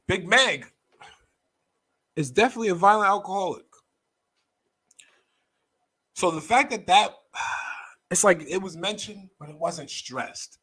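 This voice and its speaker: A man hosting a livestream, ranting bluntly about a news story with profanity and repeated phrases, swinging between low muttering and loud outbursts. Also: low-quality recording. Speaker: livestream host. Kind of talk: opinionated commentary on a news story.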